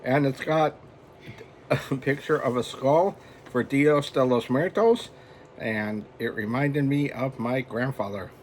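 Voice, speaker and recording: A man's voice: mid-range voice, slow, slight background noise. A man talking casually at home for his vlog, rambling and chatty and chuckling often as he goes. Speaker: vlogger.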